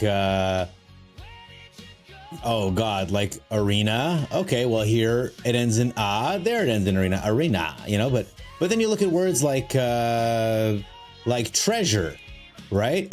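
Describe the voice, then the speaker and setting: A man plays a card game on a live stream, chatting casually, rambling and poking fun at himself. He greets viewers in a high, sing-song voice with a darkish tone, over faint background music.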